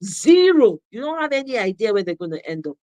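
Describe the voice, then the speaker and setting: A woman's voice: fairly high pitch, big pitch swings, a little fast, mellow, no room sound. A woman with a Nigerian accent delivering an impassioned monologue, repeating herself for emphasis and slipping into Pidgin asides. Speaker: commentator. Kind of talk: passionate monologue.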